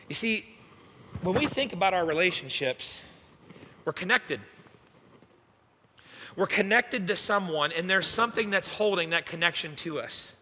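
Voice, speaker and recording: A young adult man, a youth pastor, preaching a sermon as an animated, self-mocking storyteller. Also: high-pitched, normal speed, long pauses, long reverb tail. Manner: animated, self-mocking storyteller acting out his own past lines. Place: church hall.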